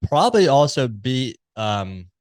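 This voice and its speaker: A man's voice: medium pitch, big pitch swings, a little slow. A man hosting a fitness podcast who frames his questions in a loose, thinking-aloud way. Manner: rambling, thinking aloud while framing questions. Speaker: podcast host. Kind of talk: casual interview.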